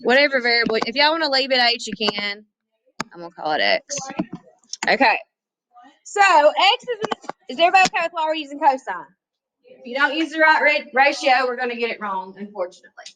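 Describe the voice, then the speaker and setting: Casting: woman math teacher, somewhat high voice, chatty, quizzes the class. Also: animated, brisk, bright, forceful tone, slight background noise, rough recording. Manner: chatty, asks the class questions, addresses students as y'all. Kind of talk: classroom lesson.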